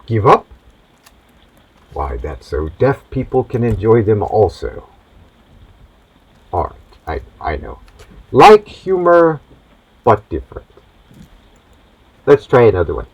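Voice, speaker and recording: Husky, hammy mad-doctor host. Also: male voice, medium pitch, dull audio. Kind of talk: comic monologue.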